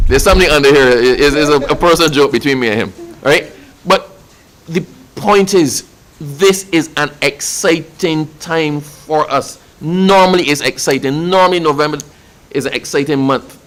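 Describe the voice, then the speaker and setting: A man's voice: fairly high pitch, fairly bright tone, a little hiss or hum. A man from Barbados with a Barbadian accent, answering an interviewer in a passionate, emphatic way and repeating phrases for effect. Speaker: official speaking about national celebrations.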